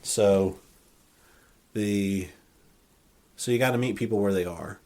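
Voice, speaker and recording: A man with a fairly low, warm, relaxed voice hosts a faith podcast on his own. He rambles earnestly, circling back and correcting himself as he works through his thoughts. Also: slow pace. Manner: rambling, earnest, self-correcting with many restarts. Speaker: podcast host.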